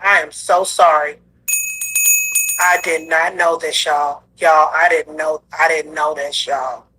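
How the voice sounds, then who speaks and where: A woman's voice: low voice, steady tone, takes it slowly, background noise. A woman hosting a talk show who soothes her guest and talks to the audience, repeating herself. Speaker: host.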